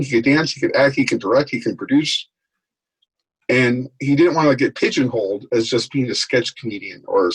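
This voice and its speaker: A man telling lively anecdotes as a guest in an interview, acting out the people in his stories. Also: mid-range voice, husky, low-quality recording. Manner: animated anecdote telling, acts out quoted voices. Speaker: guest, author. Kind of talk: storytelling in a podcast interview.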